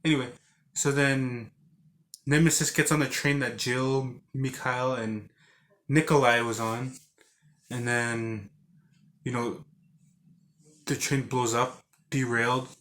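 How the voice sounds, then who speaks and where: This game reviewer rambles through a video game's story in a casual recap, with plenty of fillers and false starts. His middle-pitched voice is level, a bit bright and slow, with long pauses, and he acts out the characters with growls, grunts and sound effects.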